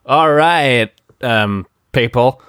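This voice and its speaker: A man's voice: mid-range voice, fairly bright tone, clear, resonant tone, no echo, clean studio sound, pitched above the performer's own voice. A man doing a brash crude politician. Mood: brash rambling. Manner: slow, rambling, swearing, self-interrupting. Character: brash older male politician, crude and boastful.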